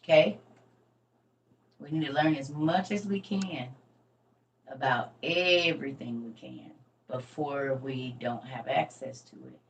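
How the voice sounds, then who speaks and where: Middle-aged woman with a low voice, folksy livestream teacher, a little off-mic with faint noise. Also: slow pace, recorded from a distance. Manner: chatty, rambling, folksy.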